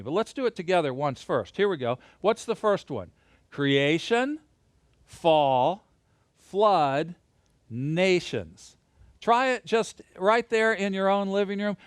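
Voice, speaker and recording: Lively man teaching children. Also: sits high, no echo, clean studio sound. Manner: lively, gesture-led, encouraging. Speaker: Bible teacher. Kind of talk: lesson for children and families. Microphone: camera.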